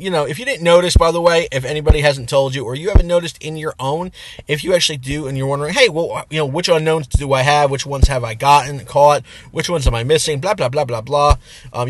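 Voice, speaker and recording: A young man talks through his game in a loose, chatty ramble, filling gaps with ums and you-knows. His voice sits a bit high, and the recording is dry with no room echo. It has the easy feel of a casual gaming channel host. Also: fairly bright tone. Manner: rambling, chatty, with many fillers. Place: outdoors.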